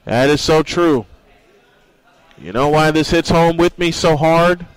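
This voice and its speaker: A man's voice: on the high side, measured pace, no echo, rough recording. A man hosting a sports radio show, speaking earnestly in a monologue and reading quotes aloud.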